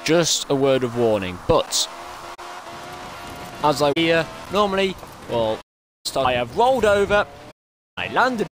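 A man excitedly commentating his own racing game play, breaking into strings of repeated exclamations. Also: on the high side, slow pace, long pauses. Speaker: gaming streamer. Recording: game music behind.

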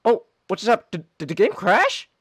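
A male streamer giving casual, excitable gaming commentary, stammering and exclaiming often. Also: high voice, fairly quick, husky, dry recording.

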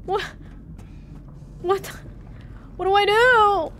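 A woman's voice: sits high, expressive, normal speed, pauses often, fairly bright tone, slight background noise. A woman streaming a horror game, talking to her chat and swearing in flustered bursts as she gets lost and scared. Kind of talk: live gameplay commentary.

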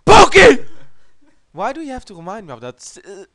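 A man's voice: sits high, sing-song, fairly quick. A man with a Dutch accent giving crude, joking commentary while playing a video game, swearing often. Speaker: let's play commentator. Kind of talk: casual gameplay commentary.

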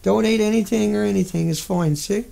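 A man's voice: high voice, fairly quick, gravelly, mellow. A man hosting a livestream, ranting in an indignant, profane, rambling way. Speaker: livestream host. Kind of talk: angry livestream rant.

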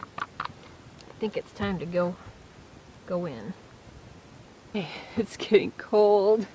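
A woman's voice: medium pitch, drawn-out words, noisy background. Chatty woman vlogging from the woods. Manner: chatty, with frequent restarts and fillers. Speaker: vlogger on a solo camping trip. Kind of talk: casual storytelling to camera. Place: woods at night, at a debris shelter.

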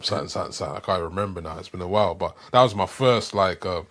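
British male voice artist, low-pitched, relaxed conversational guest. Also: racing, few pauses. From Britain. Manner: relaxed, agreeable, lots of "yeah". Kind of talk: casual podcast chat.

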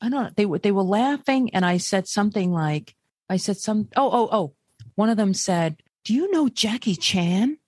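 A woman hosting a podcast, telling personal stories in a lively, chatty way and quick to react. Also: medium pitch, no echo, clean studio sound. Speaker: podcast host. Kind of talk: casual chat.

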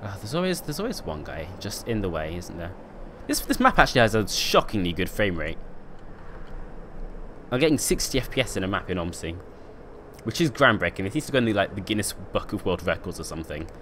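A man's voice: on the low side, big pitch swings, a little fast, a bit bright, a little hiss or hum. A young man streaming a bus game, joking and chatting with viewers. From United Kingdom. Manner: chatty, joking, talks to chat. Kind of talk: casual gameplay commentary.

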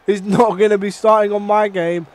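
A young man giving casual, excitable, swearing play-by-play commentary over a wrestling video game. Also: high voice, normal speed. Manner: excitable and profane, with sudden outbursts. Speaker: gaming channel host.

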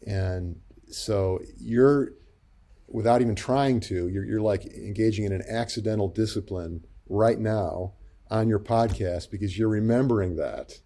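A man speaks as a pastor-psychologist guest in a gentle, reflective way, often pausing on fillers. His voice is low and mellow, warm rather than bright. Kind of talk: interview conversation.

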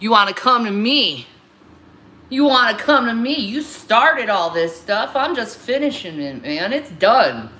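Furious high-pitched woman ranting profanely. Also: animated, measured pace, sharp tone. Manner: profane, confrontational, repetitive. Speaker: livestreamer. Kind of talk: angry livestream rant.

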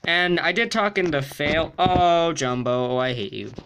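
A young man giving excited gameplay commentary, jumping between mumbling and sudden yelps and shrieks. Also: on the high side, measured pace, background noise. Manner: jumpy, yelps and shrieks when threatened. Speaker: gaming YouTuber.

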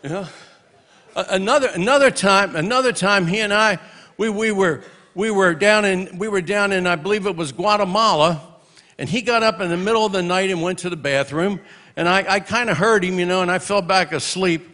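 A man in his late sixties speaks at a church memorial. His voice sits a little high for a man. He shares memories of an old friend as stories and breaks into shouts of praise between them. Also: fairly quick. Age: 60s. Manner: storytelling, punctuated with exclamations of praise. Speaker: minister giving a eulogy. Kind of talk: memorial tribute speech with humorous anecdotes.

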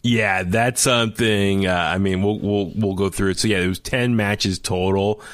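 A man hosting a casual podcast chat, telling his stories in an animated, talkative way. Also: fairly low pitch, moderate pace, dry recording, studio quality. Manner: animated, chatty storytelling. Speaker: podcast host.

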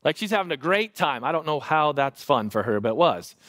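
Man, pastor, animated storytelling sermon, higher voice, dry sound. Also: a little fast, dry recording. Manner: storytelling, animated and self-deprecating.

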